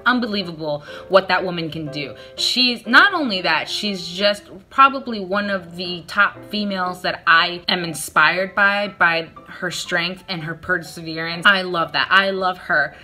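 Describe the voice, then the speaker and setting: A woman's voice: fairly low pitch, a little slow, hardly any pauses, bright, forceful tone, soft background music. A young woman vlogger telling a personal story in a chatty, self-deprecating way, acting out her own nervous replies. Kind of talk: casual storytelling vlog.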